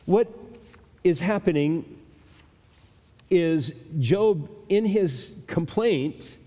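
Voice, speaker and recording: An older male pastor teaching a Bible passage in a conversational sermon, pausing and restarting as he thinks aloud. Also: on the high side, expressive, mellow. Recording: long reverb of a large hall.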